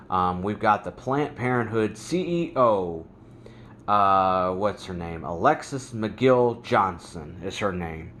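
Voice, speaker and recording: A man's voice: on the low side, fairly bright tone, slight background noise. Male host for an angry, fired-up religious commentary rant.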